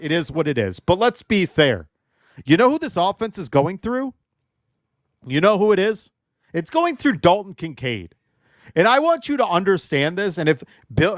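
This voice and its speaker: A man's voice: on the high side, no room sound, clean studio sound. A young adult man hosting a livestream football show, emotionally charged and ranting while joking with his chat. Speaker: sports show host.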